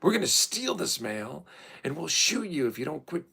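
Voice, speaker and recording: Man doing a profane street thief threatening to shoot, gravelly edge, lively swings. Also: fairly high pitch, moderate pace, pitched above the performer's own voice, full character voice. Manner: menacing, profane. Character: threatening male street mail thief, adult.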